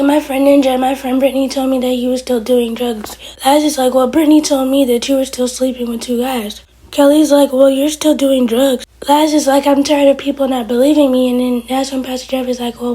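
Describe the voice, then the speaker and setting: A woman's voice: sits high, dark tone. A woman reviewing a TV episode in a casual recap, retelling each scene by quoting the characters.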